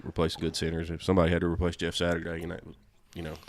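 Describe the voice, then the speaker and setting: A man's voice: sits low, monotone, rapid-fire, no echo. A man co-hosting a sports podcast, blunt and teasing his friends. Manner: blunt, ribbing the others. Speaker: podcast co-host. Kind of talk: casual sports chat.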